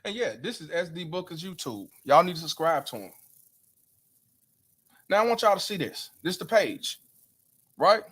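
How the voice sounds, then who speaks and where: Man, host, higher-pitched voice, emphatic, preachy, rhetorical questions to viewers. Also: animated, normal speed, fairly bright tone, slightly rough. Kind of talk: casual commentary to viewers.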